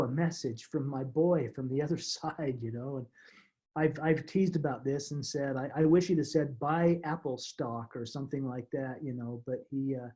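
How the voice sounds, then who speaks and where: Mellow middle-aged man telling a personal story. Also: a little high, muffled recording. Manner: halting, repeats words, emotional, soft laughs. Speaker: guest speaker.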